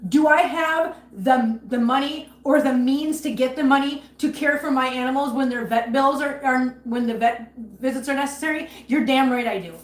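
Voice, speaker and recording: A woman's voice: sits high, moderate pace, hardly any pauses. Angry ranting woman livestreaming in an echoey room. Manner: angry ranting, greets viewers warmly by name. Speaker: livestream host. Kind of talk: casual livestream chat. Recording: echoey room with faint ambience.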